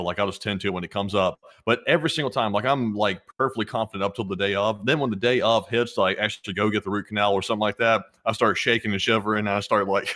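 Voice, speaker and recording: Fast-talking man, lower voice. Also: fairly even intonation, fairly bright tone. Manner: rambling, many fillers and restarts. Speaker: co-host of a live stream. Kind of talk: casual chat.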